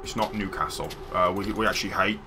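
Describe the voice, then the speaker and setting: A man's voice: fast talker, bright, forceful tone, a little hiss or hum. A man putting on a Middlesbrough local. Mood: chatty. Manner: pitched up, hesitant with fillers.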